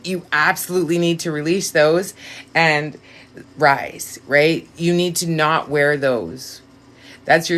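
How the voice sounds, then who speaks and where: A woman with a raspy voice hosting a casual live stream, effusive and profane, giving blunt direct advice to viewers. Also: low-pitched, a bit bright.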